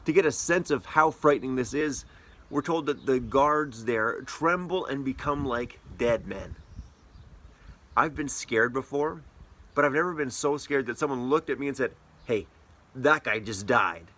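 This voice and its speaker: A playful, conversational pastor. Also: male voice, mid-range voice, moderate pace, a bit bright. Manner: conversational, playful, asks the listener questions. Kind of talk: sermon.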